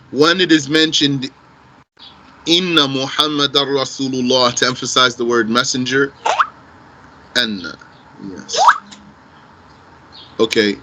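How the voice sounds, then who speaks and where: A man with a medium-pitched voice teaches an Arabic grammar class live online, answering student questions. He thinks aloud as he responds and mixes in Arabic phrases, with noise audible in the background.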